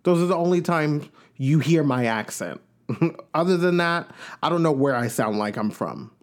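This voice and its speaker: A man's voice: fairly high pitch, lively intonation, normal speed. A man from Long Island, New York, hosting a podcast and giving a chatty, gossipy recap of a reality show with playful asides. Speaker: podcast host.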